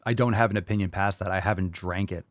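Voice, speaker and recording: A young man hosting a live call-in fitness show, answering questions casually with bursts of loud, swearing hype. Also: sits low, steady tone, fast talker, dry recording, studio quality. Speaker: podcast host.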